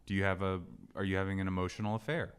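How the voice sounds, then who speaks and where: A man co-hosting a podcast, reading listener shout-outs and teasing his co-host in playful banter. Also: deep voice, flat delivery, rapid-fire, clean tone. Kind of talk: casual chat.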